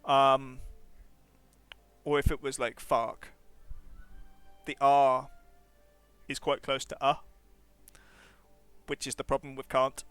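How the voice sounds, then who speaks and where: Smooth-voiced man rambling on stream. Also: mid-range voice, monotone, unhurried, pauses often, a bit bright, dry recording, faint music behind. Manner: rambling, wry, thinking aloud to viewers. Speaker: game streamer and English teacher. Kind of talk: casual chat while streaming a game.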